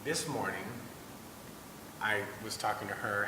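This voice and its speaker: A man in a class sharing a personal story, halting and self-mocking with many restarts. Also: medium pitch, animated. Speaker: class participant. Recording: distant, echoey hall with noise.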